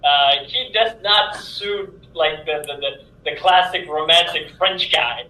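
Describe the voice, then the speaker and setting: Casting note: opinionated man on a fan panel, sharp bright tone, set back in an echoey room. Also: fairly high pitch, unhurried. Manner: opinionated, blunt. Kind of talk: casual chat. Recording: roomy, distant from the mic.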